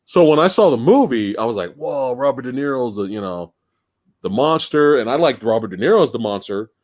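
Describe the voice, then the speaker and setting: A man's voice: medium pitch, a little fast, no room sound. A man hosting a podcast live, chatting casually about movies and acting out scenes as he talks. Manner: animated storyteller, acts out scenes, swears. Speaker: podcast host.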